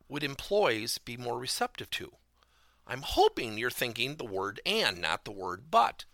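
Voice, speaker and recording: A man's voice: mid-range voice, vocal fry, pushed and bright, no room sound, clean studio sound. A man giving a motivational business talk as a corporate coaching trainer, stressing key words emphatically and theatrically.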